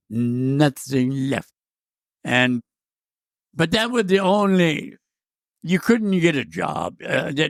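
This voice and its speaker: A very old man, telling stories in a gravelly voice. He talks slowly and rambles, repeats himself and restarts often. The recording is close and dry. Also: a little high, dry recording. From South Louisiana. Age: 90s. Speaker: guest. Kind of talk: casual storytelling interview.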